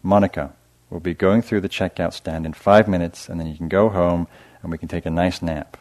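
A man doing a calm, soothing mother. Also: sits low, a little fast, lightly acted. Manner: calm, soothing, sing-song reassurance. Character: patient young mother in a grocery store.

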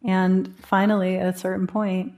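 A woman meditation teacher giving a dharma talk at a retreat, conversational and gently humorous, thinking aloud as she goes. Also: mid-range voice, level tone, moderate pace.

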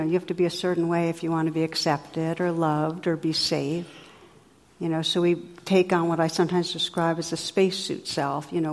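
Low-voiced woman giving a dharma talk. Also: a little mellow. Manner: conversational and reflective, with many fillers. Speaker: meditation teacher. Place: meditation hall. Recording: long hall reverb.

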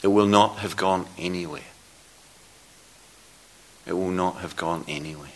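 A man giving a dharma talk as a meditation teacher, speaking slowly and reflectively with long pauses. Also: deep voice. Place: meditation hall.

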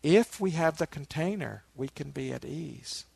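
A man giving a meditation dharma talk, a relaxed storyteller who adds asides to his listeners. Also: a little high, a little slow, creaky, breathy edge. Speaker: meditation teacher.

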